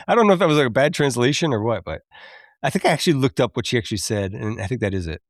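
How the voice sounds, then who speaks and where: A man in his thirties hosting a podcast, chatty and quick to laugh as he recaps a film and admits it moves him. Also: medium pitch, lively intonation, dry recording, studio quality. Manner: chatty, laughs often, openly emotional. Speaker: podcast host.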